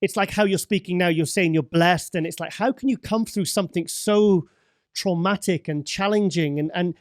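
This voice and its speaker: A male interview host with a notably high voice rambles and repeats himself, turning apologetic when he cuts in. He sounds close and dry, with no room around him. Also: normal speed, dry recording. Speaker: show host. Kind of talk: casual interview.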